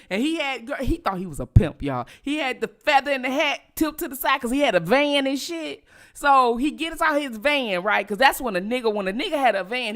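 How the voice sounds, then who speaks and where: A middle-aged woman tells a story to her viewers in a loose, animated way, cursing freely. Her voice sits fairly high. Its pitch swings widely. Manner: profane, animated, addresses viewers directly. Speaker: vlogger. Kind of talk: casual storytelling. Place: at home.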